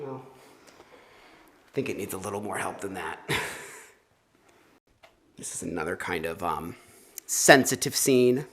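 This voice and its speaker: A man's voice: low-pitched, expressive, a little slow, long pauses, a bit bright. A man hosting a haunted house walkthrough, chatting enthusiastically about the details. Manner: enthusiastic, chatty, laughing often. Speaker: host. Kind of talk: casual walkthrough commentary. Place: inside an old industrial building.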